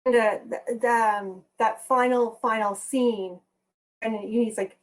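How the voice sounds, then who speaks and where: A woman with a slightly high voice hosts a casual podcast. She tells her stories in a chatty, rambling way and often restarts her sentences. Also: steady tone, slow pace. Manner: chatty storytelling with many restarts.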